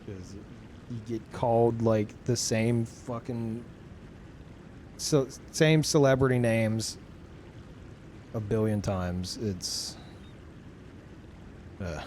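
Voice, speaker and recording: A man's voice: on the low side, very slow, long pauses, darkish tone. Chill young guy streaming a game, rambles and swears at chat, faint hum behind. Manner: laid-back, profane and rambling. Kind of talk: casual chat with stream viewers while gaming.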